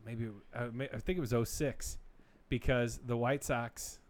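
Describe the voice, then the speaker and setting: A man in his thirties co-hosting a casual podcast, telling stories with animated energy and frequent laughs. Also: medium pitch, measured pace. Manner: animated storyteller, laughs often. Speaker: podcast co-host. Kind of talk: casual chat.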